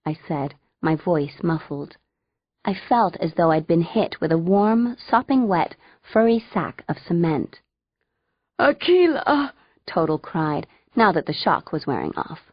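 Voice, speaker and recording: A woman reading a first-person audiobook with a wry voice and animated dialogue. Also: lowish voice, dry recording, muffled recording. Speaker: audiobook narrator.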